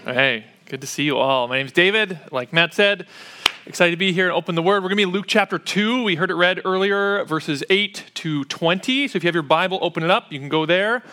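A man's voice: high-pitched, brisk, pushed and bright. A man preaching a sermon in a church, conversational and sprinkled with "uh" fillers. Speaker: pastor.

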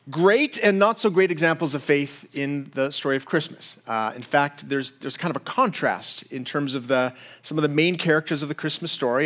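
Man preaching, pastor's sermon, relaxed conversational delivery, slightly high voice. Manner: conversational, checks in with listeners.

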